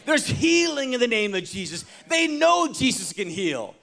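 A male pastor with a high voice delivers a sermon. He moves from loud, emphatic lines to quiet, hushed ones and calls out to the congregation for responses. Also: big pitch swings, moderate pace, vocal fry. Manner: dramatic preaching, swinging from loud emphasis to hushed tones.

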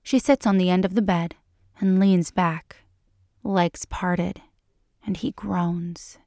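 Low-voiced woman reading a story. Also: fairly even intonation, takes it slowly, mellow, no room sound, clean studio sound. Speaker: narrator. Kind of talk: reading fan fiction aloud.

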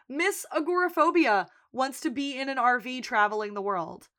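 Animated woman recapping a TV episode. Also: high voice, a little fast. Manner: animated retelling with acted-out quotes. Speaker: podcast co-host. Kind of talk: casual recap chat.

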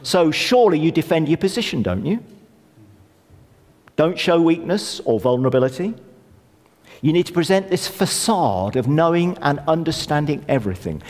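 A middle-aged man preaching a sermon in a conversational, lively way with touches of self-deprecating humour. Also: a little high, moderate pace. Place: church hall. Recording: long church reverb.

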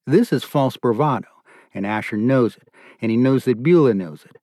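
A man giving a calm, measured scripted narration of a novel. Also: medium pitch, no echo, clean studio sound. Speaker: audiobook narrator.

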